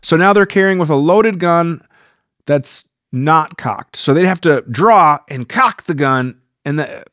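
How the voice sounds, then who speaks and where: A man's voice: on the high side, unhurried, no echo, clean studio sound. A man hosting a live viewer Q&A stream, talking casually and getting worked up as he rambles. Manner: animated, gets worked up and rambles.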